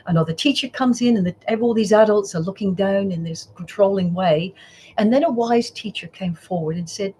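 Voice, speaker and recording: A woman's voice: medium pitch, normal speed, a little hiss or hum. A middle-aged woman psychologist, a podcast guest who tells stories and acts out the voices in them. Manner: warm storyteller, acts out quoted voices. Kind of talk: podcast interview.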